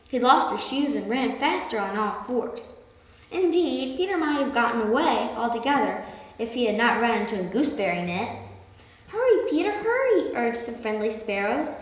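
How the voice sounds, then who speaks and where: A woman reading a children's story aloud, slow and expressive. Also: fairly high pitch. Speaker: story reader. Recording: echoey hall, far from mic.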